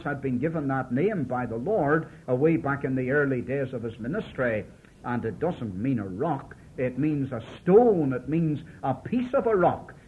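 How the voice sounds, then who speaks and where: A man's voice: medium pitch, breathy edge. A man preaching an expository Bible sermon, declaiming and rising in emphasis as he quotes scripture. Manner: declaiming with emphatic rises when quoting scripture. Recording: tinny lo-fi old tape recording with faint hiss.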